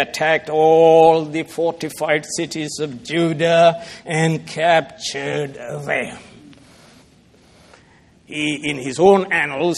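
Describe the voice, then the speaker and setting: A middle-aged male preacher delivers a sermon in a slightly raised register. He rises into loud, pointed rebukes, then drops to soft, low-voiced asides. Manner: dramatic, swings from loud rebuke to soft murmurs.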